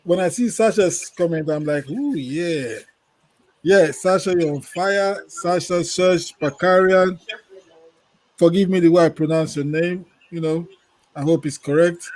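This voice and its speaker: A man hosts a podcast and chats through listener comments in a relaxed, friendly way. His voice is high for a man, and he takes his time over every phrase. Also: unhurried, low-quality recording. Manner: relaxed, chatty, laughs while reading names. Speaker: podcast host. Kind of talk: casual podcast chat reading comments.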